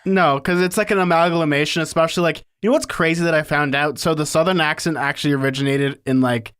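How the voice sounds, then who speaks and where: A man co-hosting a podcast, chatting casually and cracking quick jokes. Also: on the high side, fairly even intonation, a bit bright, smooth. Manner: joking, quick quips. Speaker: podcast co-host. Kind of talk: casual book discussion chat.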